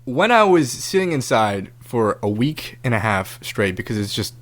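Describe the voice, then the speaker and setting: A man hosting his own show, telling a story in a casual, animated monologue, swearing freely and acting out other people's lines in raised voices. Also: mid-range voice, normal speed. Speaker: podcast host.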